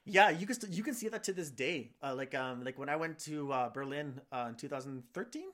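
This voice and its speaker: Male podcast co-host, quick, slightly high voice, rambling anecdotes full of fillers. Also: a bit bright. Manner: rambling storyteller, many fillers and restarts. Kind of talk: casual chat.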